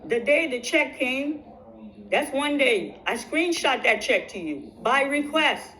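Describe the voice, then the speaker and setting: A woman's voice: high voice, lively intonation, slow pace, bright, forceful tone, low-quality recording. A woman vlogger telling her viewers a long personal story in casual talk. She keeps repeating phrases for emphasis and restarts her sentences.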